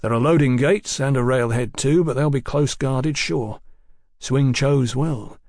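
A man voicing a calm, worldly guide who speaks in a measured way, in an audiobook. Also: medium pitch, dry recording, studio quality, natural voice. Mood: explaining.

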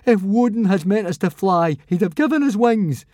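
A man voicing a timid, panicky young Viking boy in a storybook, speaking high, whiny and fearful. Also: lively intonation, moderate pace, a little mellow, dry recording, studio quality. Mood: miserable.

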